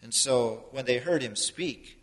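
Guy preaching a sermon, earnest, explaining, loud then soft, long echo off the hall. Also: mid-range voice, measured pace.

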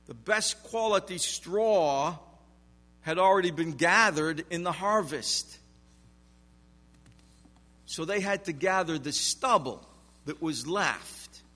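A man's voice: high-pitched, bright, forceful tone, in a large hall. A man preaching an expository sermon in a church sanctuary, emphatic, with rhetorical questions. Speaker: pastor.

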